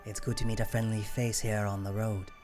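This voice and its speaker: A man voicing an old, scarred male cheetah-folk traveler with a put-on French accent, speaking softly and graciously in a tabletop game. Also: fairly low pitch, flat delivery, faint music behind, voice pushed down, close to an everyday voice. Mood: courteous. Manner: soft, slow, gracious. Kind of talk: tabletop game role-play.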